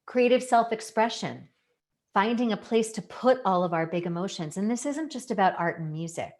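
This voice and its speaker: A woman's voice: mid-range voice, expressive, normal speed, a little mellow. A woman giving an educational talk, explaining things earnestly and leaning on key words for emphasis. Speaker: presenter.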